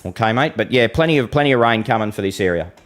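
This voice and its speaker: A man's voice: lowish voice, animated, quick pace. An Australian man hosting a live weather stream, talking bluntly and chattily to viewers, calling them mate. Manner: occasional mild swearing. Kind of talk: casual live-stream forecast with audience Q and A.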